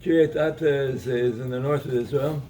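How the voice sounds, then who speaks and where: A man giving a Torah talk at an evening gathering, telling a story in a halting way, with many repeated words and restarts. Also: medium pitch, fairly even intonation, mellow, distant mic, a little hiss or hum, poor audio.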